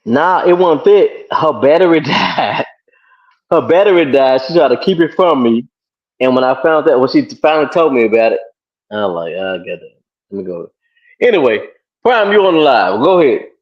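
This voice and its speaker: A man's voice: fairly high pitch, animated, normal speed, dull audio. A man hosting a casual livestream, bantering loosely and cursing freely with his guests. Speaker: livestream host.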